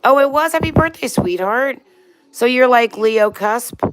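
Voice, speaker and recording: Reading viewer comments on a relaxed livestream, this host in her sixties speaks a little slowly in a fairly high, animated voice. She calls people honey and sweetheart and lets a swear word slip now and then.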